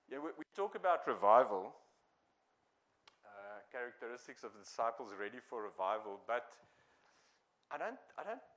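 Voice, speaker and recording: Male pastor, casual sermon delivery, average pitch. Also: a bit bright, rough recording. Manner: conversational, chuckles and restarts.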